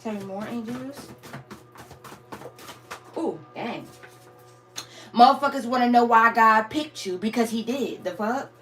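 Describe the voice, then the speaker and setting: A woman talks straight to her viewers in a casual spiritual reading, blunt and heavy on the profanity. Her voice sits a little high. Faint music plays under her. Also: measured pace, long pauses, fairly bright tone. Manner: blunt, profane, laughs often. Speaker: tarot reader.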